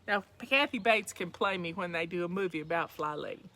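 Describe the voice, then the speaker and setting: A woman's voice: fairly low pitch, a little fast, a bit bright. A woman with a Southern accent hosting a casual chat from home, folksy and chatty, talking to her viewers as y'all. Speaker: livestream host.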